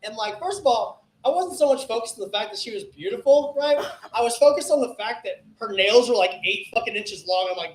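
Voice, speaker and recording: A man with a raspy, hoarse voice doing a profane, rambling stand-up set about drug trips at an open mic. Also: sits high, lively intonation, a little fast, hardly any pauses. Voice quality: raspy from festival flu. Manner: profane, rambling stoner storytelling. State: hoarse, coughing. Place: small comedy club stage. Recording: echoey club room.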